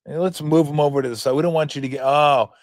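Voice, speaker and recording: A man's voice: fairly high pitch, steady tone, fast, dry recording, studio quality. A man in his fifties hosting a sports talk show, commenting in a rambling, joking, profane way. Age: 50s.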